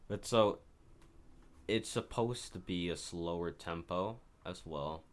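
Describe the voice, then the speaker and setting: Working on his own composition, a man rambles casually through it on a screen share, correcting himself as he goes. His voice sits low and his pace is slow.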